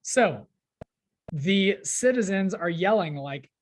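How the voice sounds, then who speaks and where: A woman's voice: on the low side, a little slow. A woman teacher casually explaining a play, paraphrasing lines in chatty modern slang.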